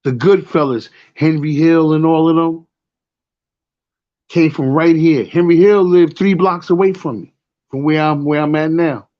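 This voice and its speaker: New york guy rambling through a story, kinda high voice, muffled lo-fi audio. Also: warm tone. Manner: rambling, repeats "you know what I'm saying". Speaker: show host. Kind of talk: casual storytelling monologue.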